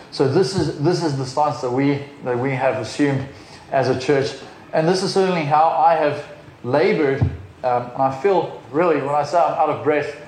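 A man preaching a sermon in a relaxed, conversational way, stopping often for ums and restarts. His voice sits a little higher than most men's. The sound bounces around a roomy space, with a faint hum of ambience behind him. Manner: informal, rambling with many fillers. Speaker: pastor.

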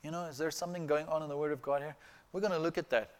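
A male pastor preaching a sermon in a slightly high voice. He talks in an easy, conversational way, often checks in with his listeners, and repeats key words for emphasis. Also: steady tone, racing.

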